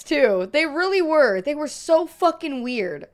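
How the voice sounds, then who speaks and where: Young woman, streamer, high, bouncy, playful, swearing, slightly worn voice. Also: measured pace. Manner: animated, swearing, laughing, playful. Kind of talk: casual live-stream chat.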